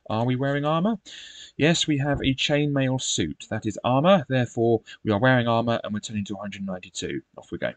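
A man reads passages from a fantasy gamebook in an even, mid-pitched voice, then talks casually through each choice he makes. The recording sounds dry and close, with no room echo. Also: a little fast. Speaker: gamebook player and narrator. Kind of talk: reading a gamebook aloud with commentary.

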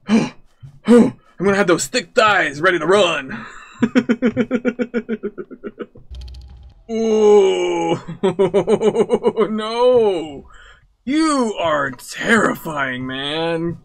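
A young man jokingly commentating his horror game playthrough, nervous and excitable. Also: high voice, very slow, vocal fry, long pauses. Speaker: gamer. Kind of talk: let's-play commentary.

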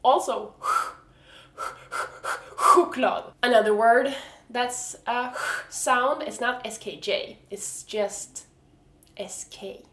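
A Swedish-accented woman with a somewhat high voice gives a casual video lesson, talking slowly and deliberately. She is frank and swears with exasperated humor, and the room around her sounds echoey. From Sweden. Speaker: vlogger teaching Swedish pronunciation.

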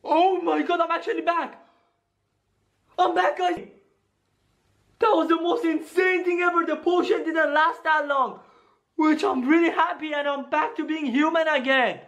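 A man acting out a scripted gaming skit, talking excitedly to his viewers and exclaiming. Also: very high-pitched, measured pace, pauses often. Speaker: gaming comedy YouTuber.

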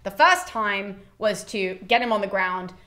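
A woman presenter giving an animated, chatty summary of a classical play, swearing and laughing freely. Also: medium pitch, a little slow. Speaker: YouTube presenter.

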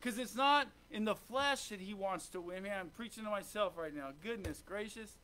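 A man's voice: high-pitched, normal speed, pushed and bright. A man preaching a sermon to his congregation, fervent, questioning the listeners and waiting for their answers. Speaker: pastor. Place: church sanctuary.

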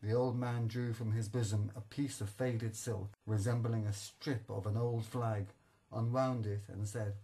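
A man narrating a classic story in a measured, literary reading style. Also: lowish voice, steady tone, warm tone, breathy edge, rough recording. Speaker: audiobook reader. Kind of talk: scripted narration.

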